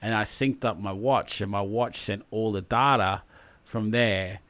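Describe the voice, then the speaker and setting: A man's voice: lowish voice, a little slow, fairly bright tone, no echo. A man hosting a livestream, chatting casually in a rambling, jokey way and reading out viewer comments. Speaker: livestream host.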